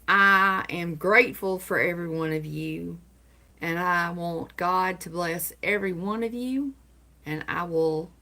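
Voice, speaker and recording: A woman's voice: lowish voice, bright, forceful tone. A woman with a Southern US accent, chatting casually with viewers on her livestream and answering their comments. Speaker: livestream host.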